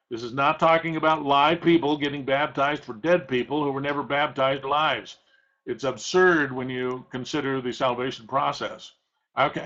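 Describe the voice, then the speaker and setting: A man's voice: medium pitch, fairly bright tone. Man preaching verse by verse, lo-fi. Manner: reads scripture aloud slowly, explains verse by verse. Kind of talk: sermon.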